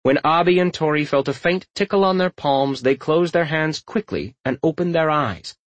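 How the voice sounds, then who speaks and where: A man narrating a fantasy audiobook with lively, expressive storytelling. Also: fairly high pitch, normal speed, no echo. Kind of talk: scripted narration.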